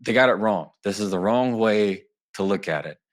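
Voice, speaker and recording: Lively lower-voiced man explaining ideas. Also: moderate pace. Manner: lively, often acting out little quoted exchanges. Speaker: lawyer and communication guest. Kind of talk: interview answers, explaining and teaching.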